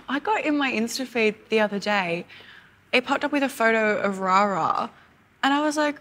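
A woman chats on a podcast in a casual, expressive way. She laughs easily and lets her voice jump up when she gets into a story. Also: a little high, moderate pace. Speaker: podcast co-host. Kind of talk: casual chat.

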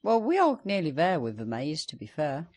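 A man with a rather high voice hosts a co-op gaming session, full of playful jokes. His pitch swings a lot as he talks. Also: wildly swooping pitch, normal speed, a little mellow. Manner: joking, playful banter. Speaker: host. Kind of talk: casual co-op gaming commentary.

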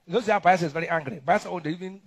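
A middle-aged Nigerian man with a Nigerian accent, preaching a sermon in an animated, mocking way with lots of repetition. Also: high-pitched, racing, breathy edge. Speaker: pastor.

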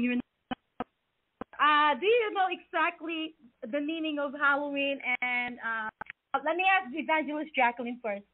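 High-voiced woman hosting a phone-in show. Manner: chatty, repeats words, lots of fillers. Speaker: talk show host. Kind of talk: Christian call-in talk show. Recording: tinny phone line with faint hiss.

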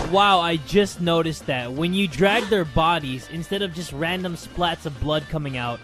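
A young man giving loud, excitable let's-play commentary, swearing often, with game music behind. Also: a little high, normal speed, few pauses. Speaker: gaming YouTuber.

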